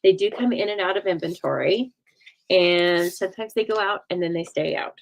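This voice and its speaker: A woman hosting a live card-making demo, chatting warmly with viewers as she stamps. Her voice sits fairly low and carries a gravelly edge of vocal fry. She keeps up a folksy, running commentary. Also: normal speed, slight background noise, low-quality recording. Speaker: craft show host.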